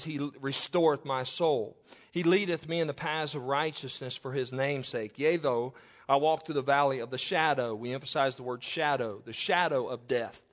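A man preaching a funeral sermon, reading scripture aloud with earnest emphasis. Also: medium pitch. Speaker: pastor.

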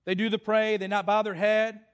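A man's voice: high voice, level tone, brisk. A man preaching a sermon with passion, repeating phrases and restarting his sentences. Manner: impassioned, repetitive, with frequent restarts.

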